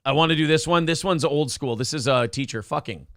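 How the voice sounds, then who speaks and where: A man's voice: a little high, a little fast, a bit bright, no room sound, clean studio sound. A man hosting a morning talk show, joking around in a casual, profane and offhand way. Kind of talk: casual comedic chat.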